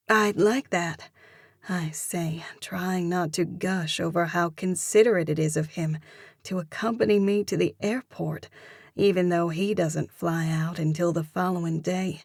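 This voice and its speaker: A woman narrating a first-person romance audiobook, in a measured, expressive manner. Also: on the low side, vocal fry, no echo, clean studio sound.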